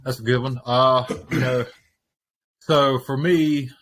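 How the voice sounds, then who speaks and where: A man's voice: medium pitch, fairly even intonation, slow pace, a bit bright. A man appears as a podcast guest, answering questions in a thoughtful, casual way. His voice sits in a middle range, and he leans on easy fillers as he thinks. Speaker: podcast guest, small business owner.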